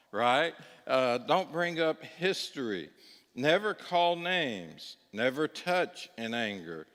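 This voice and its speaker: A fairly high, slightly bright male voice belongs to a middle-aged man teaching a church Bible class. He talks conversationally and regularly asks whether people agree, with the long reverb of a church hall around him.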